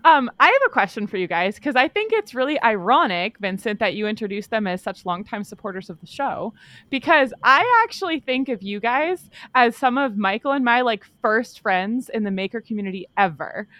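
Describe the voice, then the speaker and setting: A woman co-hosts a casual podcast chat in a slightly high voice. She is sarcastic and laughs often. Her sound is dry and close. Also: animated, normal speed, a bit bright, dry recording. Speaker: podcast co-host.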